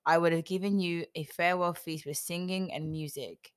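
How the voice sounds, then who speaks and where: A woman reads as an indignant, grasping old patriarch, firing off one accusing question after another. Her low, clear, resonant and natural voice keeps a steady tone at normal speed, staying close to plain storybook reading.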